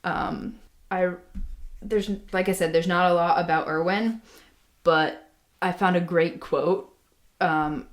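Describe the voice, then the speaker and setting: A woman's voice: lowish voice, fairly even intonation, takes it slowly, pauses often. A woman co-hosting a casual podcast, telling a history story with many ums and restarts. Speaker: podcast co-host.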